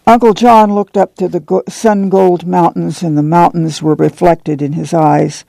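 A man reading a novel aloud as an audiobook narrator, measured and steady, correcting small slips as he goes. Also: sits high, gravelly, no echo. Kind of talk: scripted narration.

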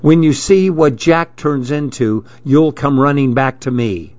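A man's voice: mid-range voice, a little slow, a little mellow, no echo, close to an everyday voice. A bossy girl who scolds and sneers, speaking unhurriedly, as a male reader puts her on. The sound is dry and close, on a dull, lo-fi recording. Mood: scolding. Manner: scolding, smug.

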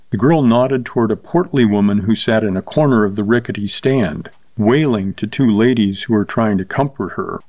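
A man reading a short story aloud with steady, measured narration. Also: on the low side, no echo.

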